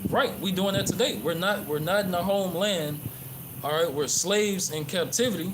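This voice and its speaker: A man with a slightly high voice preaching off the cuff outside in a park, swearing freely and stumbling through fillers and restarts. Clear outdoor noise runs under his voice. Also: normal speed. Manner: profane, rambling with many fillers and restarts. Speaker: religious livestreamer. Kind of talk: casual street preaching.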